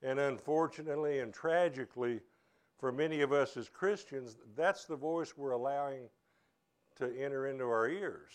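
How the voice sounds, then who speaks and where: In church, a male pastor preaches a sermon to his congregation at an ordinary middle pitch. He speaks earnestly but haltingly, restarting his sentences again and again.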